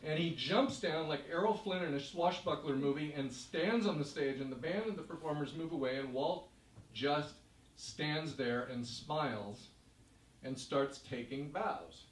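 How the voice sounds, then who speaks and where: A man performing a live story in second person, narrating in a vivid, measured way to an audience. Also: a little high. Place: stage in a hall. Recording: echoey room, voice from far off.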